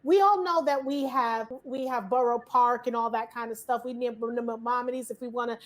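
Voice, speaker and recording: A woman from Brooklyn, hosting a casual discussion and telling stories in a lively, colloquial way. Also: fairly high pitch, moderate pace. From Brooklyn, New York. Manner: animated storytelling, acts out dialogue, colloquial.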